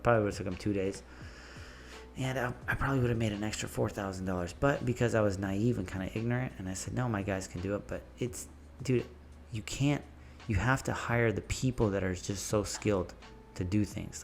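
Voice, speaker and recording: In a casual vlog, a landscaping business owner with a lowish voice shares blunt, animated business advice and stories.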